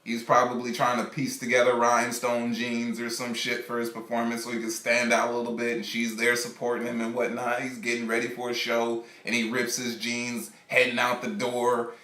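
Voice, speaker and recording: A man streaming live, telling a rambling, animated story in casual, profane chat. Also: medium pitch, moderate pace, hardly any pauses, roomy sound. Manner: rambling, animated, laughs often.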